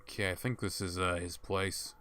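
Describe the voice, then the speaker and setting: A man's voice: low voice, level tone, normal speed, pushed and bright, no room sound. A young man casually commenting while he plays a game, thinking aloud and laughing at himself. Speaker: streamer playing a game.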